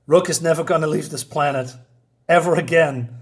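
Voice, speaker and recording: A man's voice: on the high side, moderate pace. A man giving a casual comic book review, rambling with many fillers and self-corrections and reading the dialogue aloud in a mostly plain voice.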